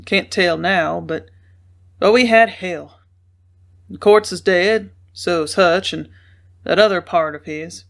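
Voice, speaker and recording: A woman's voice: on the low side, slow, creaky, pauses often. A woman doing a weary, stern young rider. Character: weary, tight-lipped young male rider.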